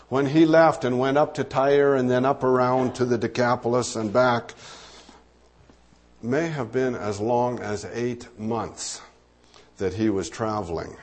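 A man preaching a sermon, teaching through a Bible passage in a conversational way, with asides and fillers. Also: mid-range voice.

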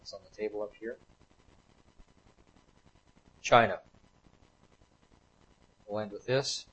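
A man's voice: on the low side, steady tone, slow pace, fairly bright tone, husky, dull audio. Emphatic man giving a slide lecture. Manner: emphatic, repeats points over and over. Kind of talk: slide lecture to a live audience.

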